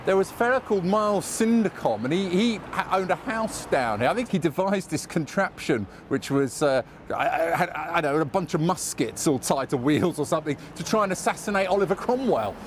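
A man's voice: a little high, expressive, fairly quick, hardly any pauses, a little hiss or hum. A man with an English accent guiding a casual walking tour, rambling and chatty with a self-mocking streak, recorded outdoors on a city street. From England.

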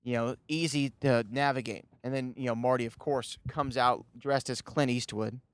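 A man's voice: mid-range voice, steady tone, normal speed, smooth, no room sound. A man hosting a podcast, casually retelling a movie's plot in a rambling way, with many fillers and small chuckles. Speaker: podcast host. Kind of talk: casual film recap.

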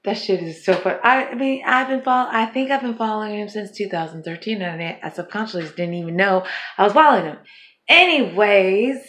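A woman's voice: medium pitch, fairly quick, fairly bright tone. A tired middle-aged woman who has been up all night, rambling in a casual home vlog, swearing a lot and laughing often. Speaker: vlogger.

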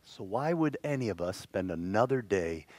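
Man preaching, swings soft to loud. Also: lowish voice, moderate pace. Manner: animated storytelling, swings from hushed to loud. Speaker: pastor. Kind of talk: sermon. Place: church sanctuary.

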